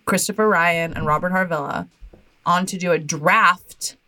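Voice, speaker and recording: A woman's voice: on the low side, steady tone, a little fast, a bit bright. A woman hosting a music podcast, chatting casually, laughing often and rambling with lots of "like"s. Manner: giggly, rambling with many "like"s. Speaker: podcast host. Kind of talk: casual chat.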